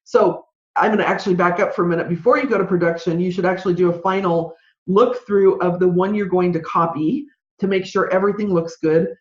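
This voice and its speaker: Fast-talking woman ranting, roomy lo-fi sound. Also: fairly low pitch, steady tone. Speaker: podcast host. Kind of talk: solo podcast advice.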